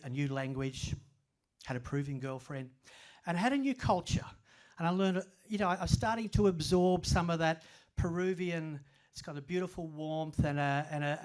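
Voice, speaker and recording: A man's voice: on the high side, darkish tone. An older man giving a self-deprecating, humorous storytelling talk at a library event. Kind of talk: storytelling presentation.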